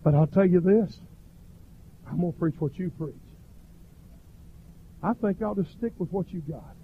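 A middle-aged man preaching a fervent revival sermon that swells into shouted cries. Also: high-pitched, unhurried, slight background noise. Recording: dull lo-fi recording.

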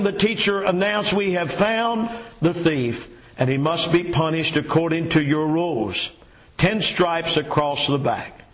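A man preaching a sermon and reading a story aloud, folksy and unhurried, with many fillers and repeated words. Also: a little high, poor audio.

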